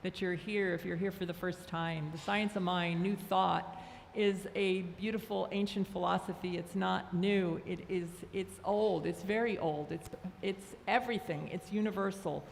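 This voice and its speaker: Woman minister w/ a gravelly voice chatting to her congregation, echoey hall, a bit of crowd and hiss behind. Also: on the low side, fairly even intonation, moderate pace. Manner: conversational, laughs easily, restarts her sentences. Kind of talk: casual talk at a Sunday service. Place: church sanctuary with a congregation. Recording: reverberant hall, faint crowd and noise.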